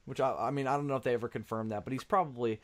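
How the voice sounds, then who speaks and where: A man co-hosting a casual podcast chat, joking and swearing with animated energy. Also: mid-range voice, very fast. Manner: animated, swears, jokey asides. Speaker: podcast co-host.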